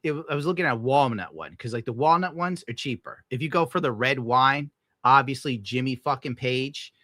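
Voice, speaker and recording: A man's voice: medium pitch, brisk, bright, forceful tone, no echo, clean studio sound. A young adult man streaming, giving a bitter, crude, swear-heavy rant while reacting to clips. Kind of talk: casual ranting commentary.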